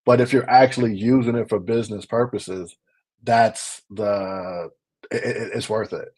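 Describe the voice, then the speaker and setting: Husky guy talking business on a live stream, gets animated, says it it it a lot. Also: on the low side, measured pace. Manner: animated, repeats himself when making a point. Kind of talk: casual live-stream chat.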